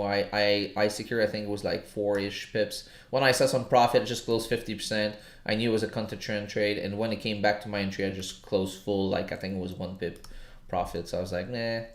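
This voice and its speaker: A man's voice: on the low side, echoey room. A man casually chatting with viewers as he works through charts on a live trading stream. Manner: casual, talks to viewers while working charts, slang-heavy. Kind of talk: live trading session chat.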